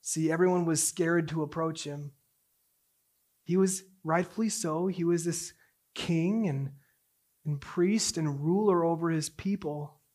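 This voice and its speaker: A man preaching a sermon as pastor, moving between hushed storytelling and raised, emphatic passages. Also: on the high side, a little slow.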